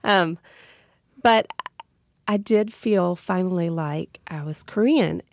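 Gravelly Southern woman telling a story. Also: lowish voice, slow, a little mellow, a little hiss or hum. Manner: earnest and reflective, laughs through emotional moments. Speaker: radio guest telling a personal story. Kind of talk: personal storytelling interview.

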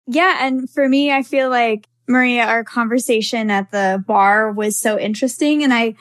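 A woman's voice: on the high side, moderate pace, no room sound. Candid woman on a call. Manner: candid, self-deprecating. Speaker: guest on a video call. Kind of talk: casual chat.

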